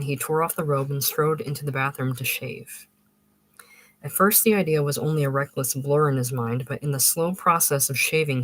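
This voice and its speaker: A narrator reading a literary short story aloud in a measured way, with occasional small restarts. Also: mid-range voice, a bit bright, poor audio.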